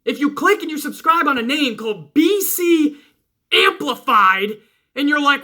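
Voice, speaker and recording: A man hosting a wrestling channel, talking loud and half-yelling in a profane, confrontational rant to his viewers. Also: very high voice, sing-song, a little slow. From Italian-American household.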